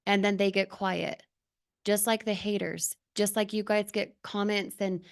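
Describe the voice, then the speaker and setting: Leading a live motivational training for her team, a woman speaks earnestly and emphatically, firing off lots of rhetorical questions. Her mid-range voice is level and unhurried, with vocal fry.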